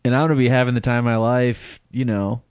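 A man's voice: medium pitch, little pitch movement, fast, a little mellow, clear, resonant tone, no room sound, studio quality. A man co-hosting a raunchy comedy podcast, teasing and laughing through crude jokes. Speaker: podcast co-host.

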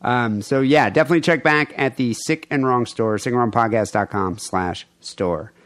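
A man's voice: medium pitch, moderate pace, a bit bright, no echo. Male co-host, loose crude banter, dry close mic. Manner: joking, laughs often, loose rambling. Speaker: podcast co-host. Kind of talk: casual crude podcast banter.

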